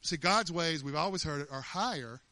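A man's voice: a little high, animated, normal speed, bright, forceful tone, no room sound. A man preaching a sermon, firing off rhetorical questions and repeating words as he builds.

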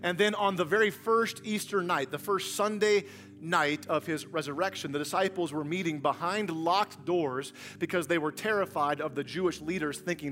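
Male preacher, high voice, lively storytelling sermon, hushed to loud, faint music bed. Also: moderate pace. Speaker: pastor.

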